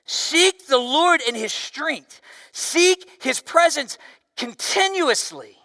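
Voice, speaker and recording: A man preaching a sermon as pastor, with a loud voice that swings from forceful emphasis down to near-whispers. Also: very high-pitched, expressive, slow pace, dry recording, studio quality, long reverb tail.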